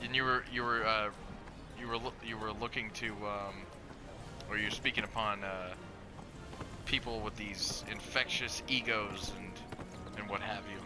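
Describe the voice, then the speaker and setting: A man's voice: on the low side, steady tone, a little slow, long pauses, over music. A man in casual chat, laid-back and hesitant, swearing often. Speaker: podcast co-host.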